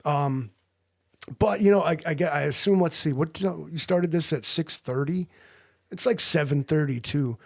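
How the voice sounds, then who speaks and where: A man's voice: on the high side, moderate pace, vocal fry, a little mellow. A man rambling through an improvised comedy livestream, crude and loose, leaning on "like" and "you know".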